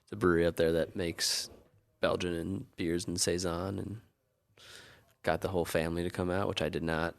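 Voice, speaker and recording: Gravelly deep-voiced male podcast co-host. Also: level tone, moderate pace. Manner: easygoing storyteller, knowledgeable about brewing. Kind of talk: casual chat.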